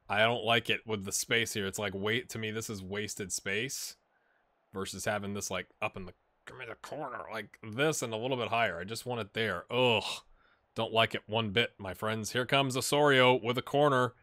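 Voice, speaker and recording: A man with a bright, forward voice talks through his football management game in a close, dry sound. He muses aloud over menus, then lifts into quick, excited play-by-play as the action unfolds. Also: fairly low pitch, no echo. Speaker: gaming channel host. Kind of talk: casual gameplay commentary.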